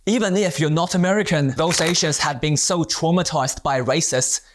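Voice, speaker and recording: A man narrating a scripted commentary video in a blunt, measured, pointed way. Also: on the high side, a little hiss or hum.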